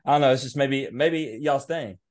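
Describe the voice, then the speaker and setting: A man's voice: medium pitch, moderate pace, a little mellow. A man co-hosting an interview, telling a story in a laid-back, teasing way. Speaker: podcast co-host. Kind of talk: casual chat.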